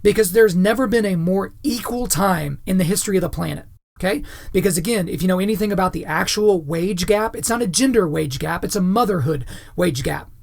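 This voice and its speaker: Gravelly high-voiced male podcast host. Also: fairly quick. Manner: lecturing, keeps checking in with "right?" and "okay?". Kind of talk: opinionated podcast commentary.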